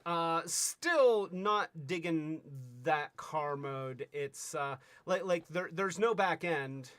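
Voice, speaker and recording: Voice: medium pitch, animated, takes it slowly, fairly bright tone, dry recording. A livestream host casually reviewing toys, rambling with stammering restarts and playful asides. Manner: bursts into silly sing-song jingles.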